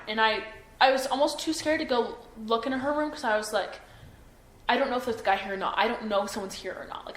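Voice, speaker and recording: Young adult woman, witness, halting, lots of fillers, somewhat high voice, roomy echo. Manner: hesitant, full of "like" and restarts. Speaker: witness being interviewed. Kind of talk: halting recollection in an interview. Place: indoors at her home. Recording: echoey room with faint ambient noise.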